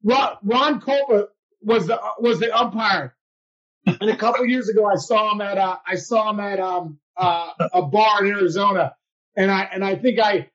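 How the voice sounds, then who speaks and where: A man co-hosting a podcast, telling sports stories in a casual, animated way, laughing and acting out his own reactions. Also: sits high, dull audio. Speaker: podcast co-host, former player. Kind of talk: casual storytelling chat.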